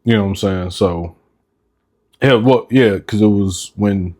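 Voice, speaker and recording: A man co-hosting a casual podcast, speaking in a halting, reflective way with lots of "you know". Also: fairly low pitch, darkish tone. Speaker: podcast co-host.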